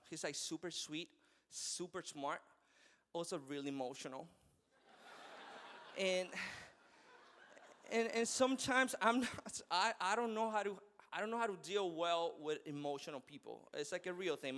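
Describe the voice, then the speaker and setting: A man in his thirties delivering a church sermon, speaking in a high voice with an animated, personal manner and frequent laughter. His words ring out with a long reverb from a large hall. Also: moderate pace. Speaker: preacher.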